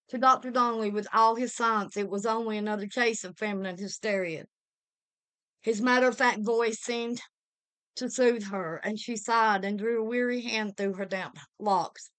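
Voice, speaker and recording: A woman's voice: a little high, fairly even intonation, normal speed, fairly bright tone, clear, resonant tone. A woman giving a vivid, dramatic reading of a pulp horror story. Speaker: reader.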